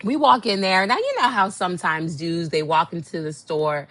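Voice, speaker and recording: A woman hosting a podcast, telling a dating story in a sassy, animated way and acting out what people said. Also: fairly low pitch, moderate pace, no room sound. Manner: animated, sassy, acts out quotes. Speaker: podcast host. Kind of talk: casual storytelling monologue.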